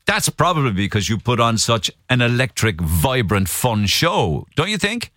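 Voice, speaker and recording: A man's voice: medium pitch, very animated, normal speed, fairly bright tone, dry recording, studio quality. A man hosting a radio interview, enthusiastic and chatty, firing leading questions. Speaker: radio host.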